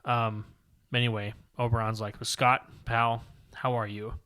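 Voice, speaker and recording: A man's voice: medium pitch, little pitch movement, unhurried, bright, forceful tone, clean tone. A man co-hosting a comic book podcast, casually recapping and reading panels aloud in a long-winded, rambling way. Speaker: podcast co-host.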